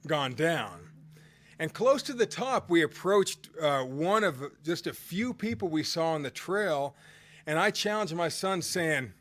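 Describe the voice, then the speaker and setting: A man's voice: on the high side, fairly bright tone. A middle-aged man telling a motivational personal story in a casual, rambling way, with fillers and restarts. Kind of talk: motivational anecdote told conversationally.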